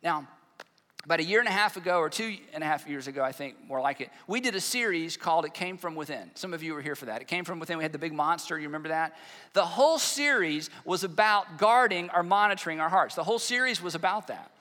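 A man's voice: a little high, expressive, fast, bright, forceful tone. A man preaching a sermon as a pastor, conversational and acting out little dialogues. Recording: reverberant hall.

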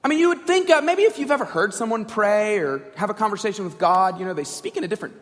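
High-voiced preacher in a reverberant hall. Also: male voice, expressive, fast, fairly bright tone. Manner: direct, conversational, asks the audience questions. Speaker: pastor. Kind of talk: sermon. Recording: long reverb in a large hall.

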